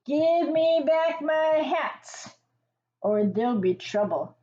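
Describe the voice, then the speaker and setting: A woman's voice: sits high, animated, reverberant, highs cut off, voice pushed up. A woman doing a cross hat-selling man. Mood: angry. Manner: shouting, slow and drawn out. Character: cross grown man who sells hats. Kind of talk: storybook read-aloud.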